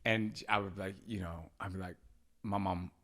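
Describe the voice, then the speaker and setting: A man hosting a casual chat with his husband, telling animated stories and acting out voices. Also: low voice, fairly quick. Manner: animated storyteller, acts out kids' voices. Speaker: podcast host.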